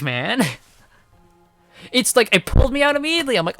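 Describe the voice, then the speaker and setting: A man giving a casual spoken movie review, rambling and swearing freely, with animated outbursts. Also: high voice, fairly quick, pauses often, no room sound, faint music behind. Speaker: film reviewer.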